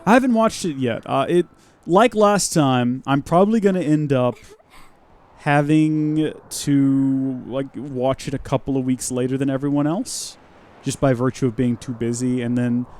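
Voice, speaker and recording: A man's voice: mid-range voice, moderate pace, a little mellow. A man hosting a live game stream, with goofy, rambling and chatty commentary.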